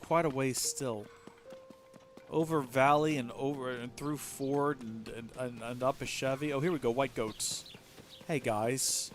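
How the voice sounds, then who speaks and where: A man's voice: mid-range voice, fairly even intonation, unhurried, faint music behind. A man giving casual, rambling commentary while livestreaming a video game, musing aloud and often restarting his sentences. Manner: rambling, chatty, muses aloud with frequent restarts. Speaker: let's play streamer.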